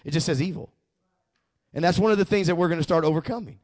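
A pastor with a high, somewhat dark voice talks fast as he preaches a sermon framed as his own story. He begins conversationally, like a testimony, stumbling and restarting his words often, then drives his points home with mounting fervor.

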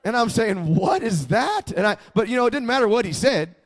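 High-voiced, emphatic male preacher. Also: quick pace. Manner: emphatic, with call-and-response prompts to the congregation. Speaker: pastor. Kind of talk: sermon.

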